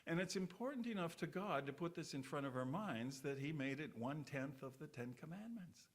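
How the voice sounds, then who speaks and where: A man giving a short sermon to a congregation in a conversational, folksy way, with asides and restarts. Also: medium pitch. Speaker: church speaker. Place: congregation hall.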